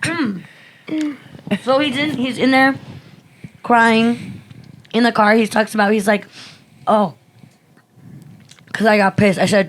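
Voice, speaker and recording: A young woman co-hosting a podcast, telling a story in a casual, animated way, swearing a lot and acting out quotes. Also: on the high side, slow, long pauses. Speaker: podcast co-host.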